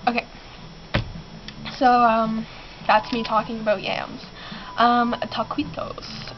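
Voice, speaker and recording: A sick Canadian teenage girl vlogs casually from her basement bedroom, rambling, giggling, clearing her throat and saying um a lot. Her voice is on the high side, level in tone and slow. The recording is muffled and lo-fi, with clearly audible background noise.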